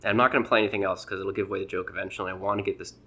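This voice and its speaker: A man's voice: sits low, steady tone, racing, bright, forceful tone. A man in casual podcast chat, an amateur comedian who rambles and acts out voices when retelling jokes.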